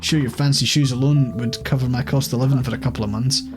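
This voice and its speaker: A bitter, scheming old woman snaps and scolds in a sharp, exasperated tone, as a Scottish man reads her lines aloud in his own mid-pitched voice. There is a faint bed of game music behind. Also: fairly even intonation, fast talker, lightly acted. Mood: aggrieved. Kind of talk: reading game dialogue aloud.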